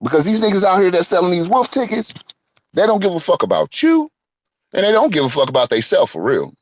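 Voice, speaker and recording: A man's voice: high-pitched, big pitch swings, a little fast, no room sound. A middle-aged man telling a heated, profane story in an angry monologue, mocking the people he quotes. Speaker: online show host.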